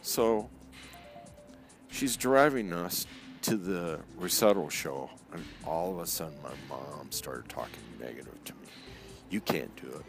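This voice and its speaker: A man telling a personal story in a casual, animated way, acting out the voices of people he quotes. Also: deep voice, measured pace, faint music behind.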